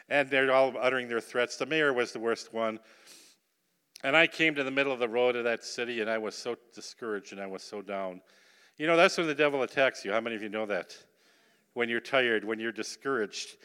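A man's voice: medium pitch, bright, forceful tone, smooth, long reverb tail. A man preaching a sermon, telling a story with acted-out dialogue and asking the congregation questions. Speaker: pastor.

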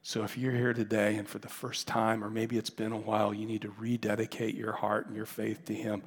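A man preaching a sermon as pastor, telling a story with dramatic shifts from loud calls to hushed near-whispers. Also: on the low side, flat delivery, fairly quick, husky, in a large hall. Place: church sanctuary.

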